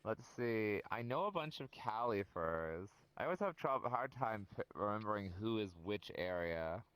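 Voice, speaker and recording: A man teases his friends playfully in casual podcast chat. His bright, sharp voice has a lively, bouncing pitch, and it sounds dry and close. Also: normal speed, clean tone, no echo. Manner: teasing, playful.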